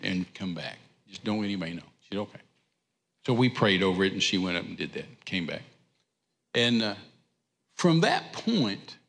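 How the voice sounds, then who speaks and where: A man tells a folksy, rambling story from the pulpit, his gravelly voice mixed with self-deprecating humor. The sound carries the long reverb of a church sanctuary. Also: medium pitch, a bit bright. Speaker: preacher. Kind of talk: storytelling sermon.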